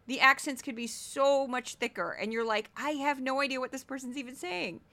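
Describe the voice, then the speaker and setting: A woman from Missouri hosting a casual, sarcastic commentary show, mocking news clips with animated asides. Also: high voice, normal speed. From Missouri, United States. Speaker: political commentary host.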